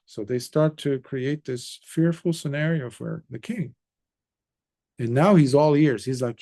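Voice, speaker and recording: A man's voice: medium pitch, unhurried, warm tone. A man, a Buddhist monk, telling a story in a conversational dharma talk with casual asides.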